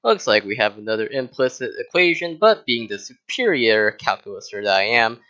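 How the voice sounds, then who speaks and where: A young man narrates math problems in a steady middle-pitched voice, dripping with mock arrogance. He brags about his skills and insults the listener in a sarcastic, deadpan way while explaining each step. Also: highs cut off. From United States. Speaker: student tutor. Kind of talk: sarcastic math walkthrough voice-over.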